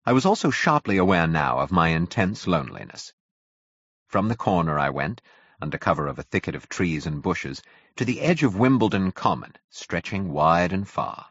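A man reading a classic novel aloud as narrator, in measured, even storytelling. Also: sits low, slightly rough, dry recording. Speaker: audiobook narrator. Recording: dull, dry audio.

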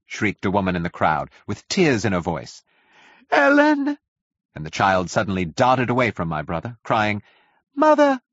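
Husky low-voiced man narrating a story. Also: moderate pace, few pauses, no echo, muffled recording. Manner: expressive, dramatic storytelling. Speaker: audiobook narrator. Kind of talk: scripted narration of a classic novel.

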